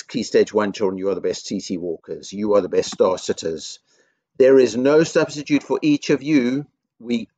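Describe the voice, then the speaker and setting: A low-pitched man speaks as a headteacher at a children's assembly. He explains things slowly and simply and repeats key words. His voice comes through a close, dry mic with a dull, lo-fi sound. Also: a little mellow, husky, dry recording. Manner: slow, simple explanations with repetition. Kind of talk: school assembly talk to young children.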